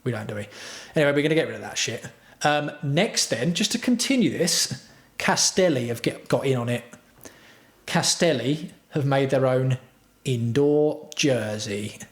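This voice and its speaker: A man's voice: medium pitch, lively intonation, normal speed. A man hosting a livestream, ranting sarcastically and swearing a lot. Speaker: livestream host. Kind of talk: casual livestream rant. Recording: echoey room.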